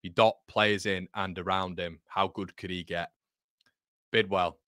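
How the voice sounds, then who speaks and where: A man hosting a live football watchalong, commentating excitably and bantering with his chat. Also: low-pitched, normal speed, dry recording, studio quality.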